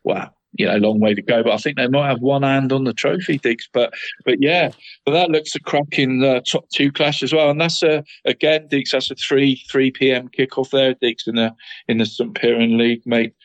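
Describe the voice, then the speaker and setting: A man's voice: medium pitch, fairly even intonation, normal speed, muffled recording. A man co-hosting a football podcast in casual chat, who keeps adding "mate" and often stumbles over his words.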